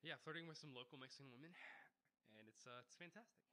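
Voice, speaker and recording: Man, podcast guest, bright voice, slightly high, animated storytelling, Spanish words tossed in. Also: fast. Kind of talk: casual storytelling chat.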